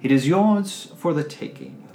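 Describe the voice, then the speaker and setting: A man's voice: fairly high pitch, animated, vocal fry, darkish tone, reverberant, voice pushed up, low-quality recording. A man doing an ancient courtly dwarf. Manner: formal, measured, courtly. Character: ancient hunched male dwarf, courtly and genteel.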